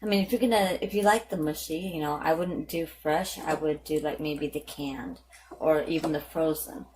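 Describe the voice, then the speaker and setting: A woman's voice: low voice, fairly even intonation, normal speed, noisy background. A woman hosting a home cooking vlog, talking casually with lots of fillers and restarts as she cooks in her kitchen. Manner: rambling, chatty, lots of fillers and self-corrections.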